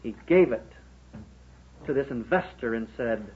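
A man preaching a sermon to businessmen, emphatic, with rhetorical questions and sudden swings between loud and quiet. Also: mid-range voice, animated, a little slow, slight background noise. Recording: dull lo-fi sermon recording.

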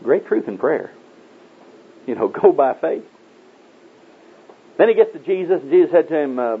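A man's voice: expressive, normal speed, creaky, long pauses, husky. A man preaching a sermon in a folksy storytelling way, acting out the people in his stories. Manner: folksy storytelling, acting out voices in raised pitch. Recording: tinny phone-like old tape.

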